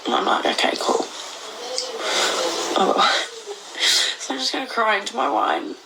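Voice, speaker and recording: A woman's voice: fairly high pitch, normal speed, vocal fry, heavy background noise. Tearful swearing woman. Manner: swears often, rambling, tearful. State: crying. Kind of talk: casual tearful vlog. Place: indoors at home.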